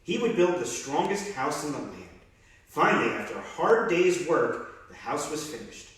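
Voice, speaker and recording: A police officer reading a children's story aloud, expressive and animated. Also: male voice, on the high side, normal speed, recorded from a distance. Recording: very echoey room, off-mic.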